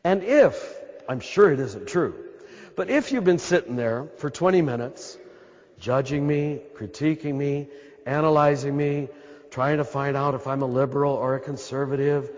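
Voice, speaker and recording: This mid-range, darkish voice belongs to an American priest addressing a live audience in a large hall at a moderate pace, the audio dull. Throaty and emphatic, the Catholic cleric repeats his points while giving a spiritual talk directly to those listening.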